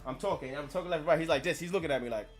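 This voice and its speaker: A man's voice: on the high side, very fast, soft background music. A man ranting and telling stories on a live stream, brash, mocking and laughing at his own jokes.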